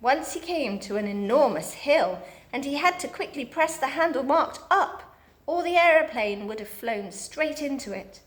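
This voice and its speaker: A woman reading a children's book aloud, steady and expressive. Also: sits high, moderate pace. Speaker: storybook reader.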